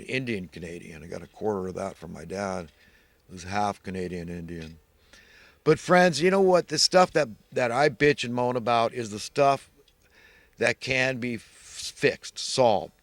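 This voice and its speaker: A man's voice: lowish voice, animated, measured pace, no echo. A middle-aged American man giving an earnest, rambling moral monologue, repeating himself and restarting his phrases. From United States. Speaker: vlogger.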